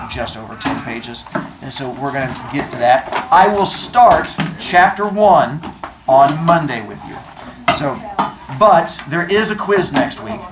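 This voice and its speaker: Low-voiced woman teacher reading aloud. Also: reverberant, noisy background. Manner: expressive, animated reading with asides. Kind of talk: reading a novel aloud to a class. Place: classroom.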